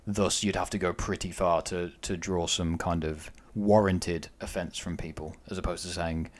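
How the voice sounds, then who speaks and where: A man with a very low voice talks in a relaxed podcast conversation. He reasons in a measured way, weighing each side before settling on a view. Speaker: podcast co-host. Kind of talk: casual discussion.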